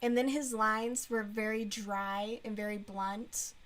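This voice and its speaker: A woman's voice: mid-range voice, steady tone, takes it slowly, a bit bright. A woman streamer in casual chat while crocheting, bluntly and mockingly reviewing books. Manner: blunt, frank, mocking book review with laughs.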